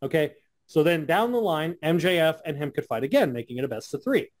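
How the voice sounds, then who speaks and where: A man's voice: fairly high pitch, lively intonation, a little fast. A man co-hosting a casual podcast chat, rambling and joking with frequent restarts. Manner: rambling, self-interrupting and joking. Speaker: podcast co-host.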